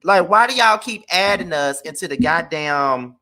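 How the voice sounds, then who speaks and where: Sassy, cussing livestream host. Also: male voice, a little high, expressive, sharp tone. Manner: sassy, profane, drawn-out complaining. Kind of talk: livestream commentary on celebrity gossip.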